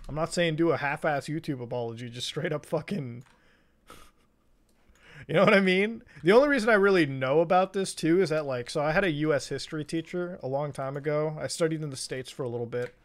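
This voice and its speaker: A man's voice: on the high side, brisk. A man from Canada streaming a game, chatting casually in a rambling, profane way and laughing often. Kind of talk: casual chat while gaming.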